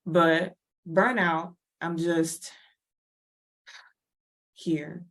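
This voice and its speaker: A woman's voice: low voice, flat delivery, a little slow. A woman presenting a wellness workshop in a chatty, casual way, laughing often and acting out little everyday scenes. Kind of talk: casual lecture.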